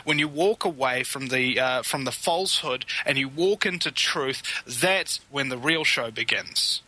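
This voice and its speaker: A man in a casual conversation, speaking haltingly with many fillers as he works through his thoughts. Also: mid-range voice, pushed and bright, no room sound, rough recording. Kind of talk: casual chat.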